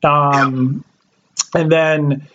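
A man's voice: on the high side, flat delivery, drawn-out words, a bit bright, slight background noise. A man hosting a casual podcast chat, rambling with lots of fillers and casual swearing. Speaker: podcast host. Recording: lo-fi dull sound.

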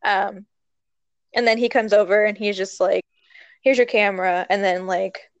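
A young woman casually recapping a movie plot, rambling and expressive, with lots of fillers. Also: medium pitch, moderate pace, dry recording, muffled recording. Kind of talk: casual chat.

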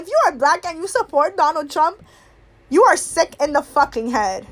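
Young woman, high voice, impassioned monologue, raw and outspoken. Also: expressive, moderate pace. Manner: blunt, heated and profane, swinging between anger and weary sorrow.

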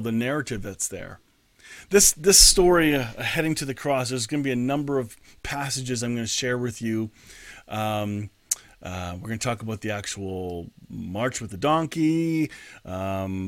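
A man's voice: medium pitch, a bit bright, no echo. A man preaching a sermon as pastor, earnest and building to rhetorical questions.

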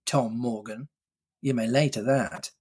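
A man voicing a gruff old one-legged pirate cook who makes blustering, drawn-out threats. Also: mid-range voice, steady tone, darkish tone. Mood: menacing.

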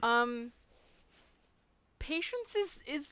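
A woman's voice: sits high, big pitch swings, very slow, sharp tone, no echo. A woman co-hosting a parenting podcast, talking frankly and laughing at herself in casual chat. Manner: frank, self-deprecating, laughs often. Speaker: podcast co-host.

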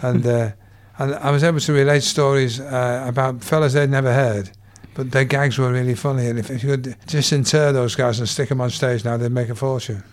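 Older Liverpudlian comedian telling gags. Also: male voice, mid-range voice, steady tone, brisk, hardly any pauses. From England. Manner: gag-telling storyteller, slips into quoted voices. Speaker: comedian guest. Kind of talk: anecdotal chat.

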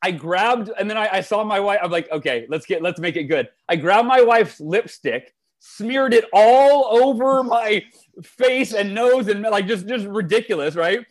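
Enthusiastic man telling stories, slightly high voice. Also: a little slow. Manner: enthusiastic, animated, repeats words when starting phrases. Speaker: guest. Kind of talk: conversational storytelling.

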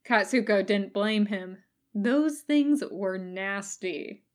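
A woman reading fan fiction aloud as a recorded podfic, in calm, even narration. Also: medium pitch, slow. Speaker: podfic reader.

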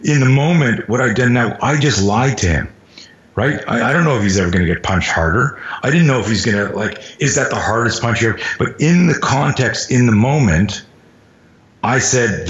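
A man's voice: mid-range voice, animated, normal speed, a bit bright. A middle-aged man, a self-defense instructor, telling stories in casual, profane talk and acting out sounds and quotes. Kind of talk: casual storytelling in conversation. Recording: roomy, dull lo-fi sound.

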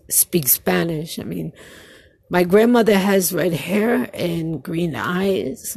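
A woman from Brooklyn leaving a casual voice message, telling an animated family story and laughing often. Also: lowish voice, gravelly, husky. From Brooklyn, New York.

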